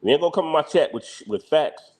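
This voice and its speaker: A man's voice: fairly high pitch, expressive, fast talker, a little mellow. A man with a Philadelphia accent, hosting a live reaction stream, bluntly ranting and scolding his chat. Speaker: livestream host.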